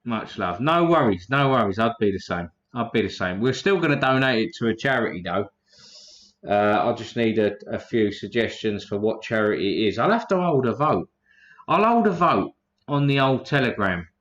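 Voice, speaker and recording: A man's voice: fairly low pitch, expressive, moderate pace, a bit bright, dull audio. A man hosting a casual livestream, reading chat names aloud in a blunt, profane way.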